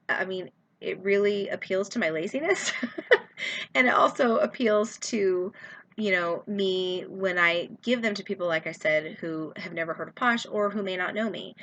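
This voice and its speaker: A woman's voice: medium pitch, a bit bright, dull audio, a little hiss or hum. A woman chatting casually in a how-to video, full of fillers and asides as she shows how she prepares product samples. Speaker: direct sales consultant.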